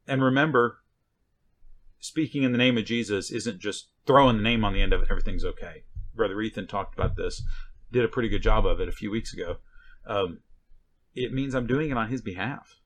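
A man's voice: on the low side, fairly quick, a bit bright, a little hiss or hum. A man preaching a sermon in a conversational way, with sarcastic asides and frequent checks like "right?" and "okay?".

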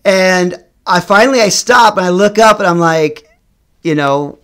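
A middle-aged vlogger tells a personal story directly to the camera in an animated way, drawing out words for emphasis and frequently stumbling and repeating himself. His voice is high, his pace moderate, and his delivery smooth.

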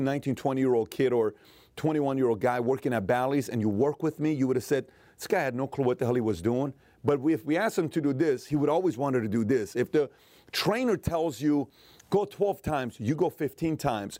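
A middle-aged man giving an earnest motivational talk, telling a family story and often slowing down to a soft, emotional tone. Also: medium pitch, no room sound, studio quality. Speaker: motivational speaker.

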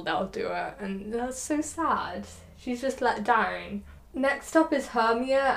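Young woman podcaster, chatty and loose, lots of likes, mid-pitched voice. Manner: chatty, loose with many likes, reciting quotes in between. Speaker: podcast host. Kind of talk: casual podcast chat.

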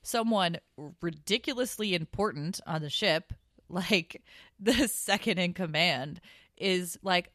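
A woman co-hosting a podcast, chatting casually and animatedly, with quick asides and laughs. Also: on the low side, sharp tone, dry recording, clean studio sound. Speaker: podcast co-host. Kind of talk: casual chat.

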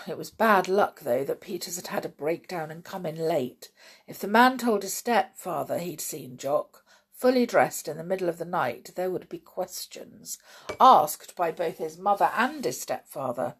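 Woman, storybook narration, slow, breathy, lowish pitch, measured. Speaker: audiobook narrator.

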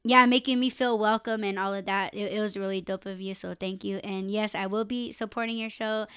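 A woman's voice: mid-range voice, fairly even intonation, fairly quick, pushed and bright, clean tone, no echo, studio quality. A young woman hosting a live podcast, chatting casually, swearing freely and laughing often. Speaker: podcast host. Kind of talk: casual live-stream chat.

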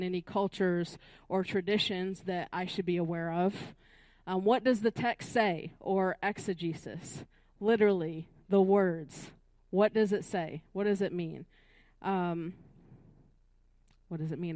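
A woman's voice: medium pitch, darkish tone, clean tone, no room sound. Woman teaching a Bible study class. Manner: asks the group questions, frequent "right?" and "Amen?".

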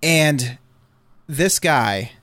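A man's voice: on the high side, expressive, very slow, fairly bright tone, no echo. A man telling a long story in casual chat, rambling with fillers and restarts.

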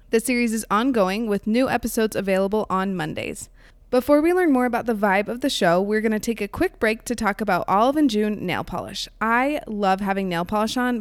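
A woman's voice: medium pitch, no echo. A woman hosting a podcast, reading an ad and interviewing a guest with bubbly enthusiasm. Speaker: podcast host. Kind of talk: podcast intro, ad read and interview.

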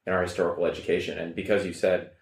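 A man's voice: low voice, little pitch movement, racing, a crowd in the background. A young man from Chicago with a Midwest American accent, hosting a casual chat and asking easygoing questions. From Chicago, USA. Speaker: podcast host. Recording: echoey room.

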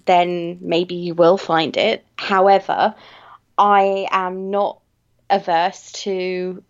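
A woman talking in a measured, reflective way in a casual book chat, stretching out her phrases. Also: lowish voice, muffled recording.

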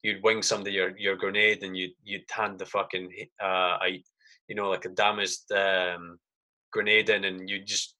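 A man's voice: sits low, little pitch movement, moderate pace, bright, forceful tone. A man, a soldier, casually telling stories in a podcast chat, swearing constantly and saying mate a lot.

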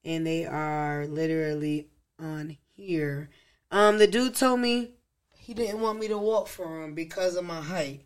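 Unhurried and low-voiced, a female podcast co-host relates a story in relaxed conversation. She brings it to life by acting out others' words.

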